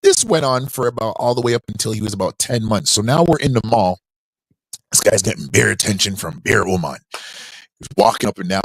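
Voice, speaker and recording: A man's voice: brisk, breathy edge, dry recording, low-quality recording. A young adult man hosting a live stream, telling a story in casual slang and quoting people in a raised voice. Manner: animated, slangy, voices quotes in a high pitch. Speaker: podcast host.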